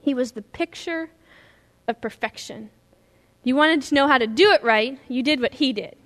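High-voiced woman pastor telling a story. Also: normal speed. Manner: animated storytelling, acting out scenes. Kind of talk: sermon.

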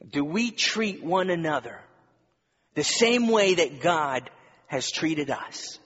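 A male pastor preaches earnestly and slowly, with a husky, fairly high voice. He builds on repeated phrases and rhetorical questions. The sound is dull, with a long church reverb around it. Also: big pitch swings, fairly bright tone. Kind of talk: sermon. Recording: dull recording in a reverberant hall.

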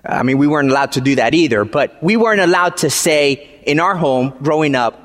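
A man preaching a sermon, emphatic and repetitive, swinging from hushed lines to shouted ones. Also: fairly high pitch, animated, moderate pace. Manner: emphatic, repeats phrases, swings between quiet and shouting. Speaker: pastor. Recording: long hall reverb.

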